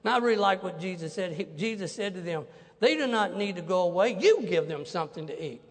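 A man preaching a sermon as pastor, animated, swinging from hushed asides to loud declarations. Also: high voice, brisk, big-room sound.

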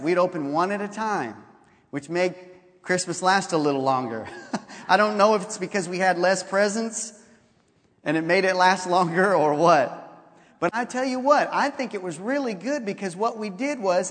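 Man, high voice, storytelling sermon, animated, laughs a lot, echoing hall. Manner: animated, laughing often, acts out quotes. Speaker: pastor. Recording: long hall reverb.

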